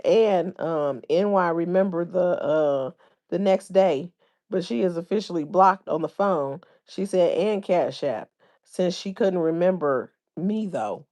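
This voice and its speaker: A woman with a slightly low voice hosts a casual livestream, reading viewers' comments aloud. Her talk is loose and full of everyday slang, easygoing and chatty. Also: a little mellow. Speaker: livestream host.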